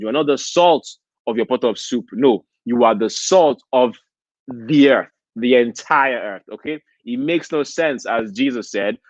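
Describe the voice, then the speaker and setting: A man's voice: medium pitch, dry recording. A man from Nigeria giving a motivational convention talk, preachy, punctuating points with "okay?". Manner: preachy, keeps asking "okay?". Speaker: convention speaker. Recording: dull lo-fi sound.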